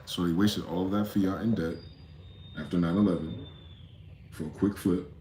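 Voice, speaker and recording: A man's voice: low voice, warm tone, reverberant, slight background noise. A man hosting a rambling late-night monologue, profane and conspiratorial in tone, with many asides. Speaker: host.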